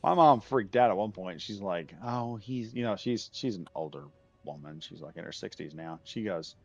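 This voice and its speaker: A man's voice: low-pitched, expressive, normal speed, creaky, faint music behind. A man telling a story in casual chat on a stream, down-to-earth and often laughing. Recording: dull dry lo-fi sound.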